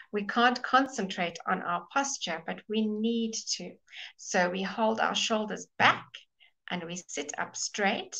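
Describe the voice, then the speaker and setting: Woman english teacher on a live class, kinda out of breath, slow and patient, mid pitch. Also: a bit bright, poor audio. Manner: slow, explaining patiently, with fillers and restarts. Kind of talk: live online language class. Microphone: webcam or computer mic.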